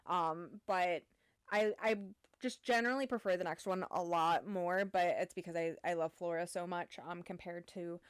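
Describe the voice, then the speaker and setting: A woman's voice: lowish voice, fairly even intonation, moderate pace, smooth, dry recording, studio quality. A woman hosting a casual book club podcast, summarizing a novel in a chatty way with lots of ums and likes. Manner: chatty, many "um"s and "like"s.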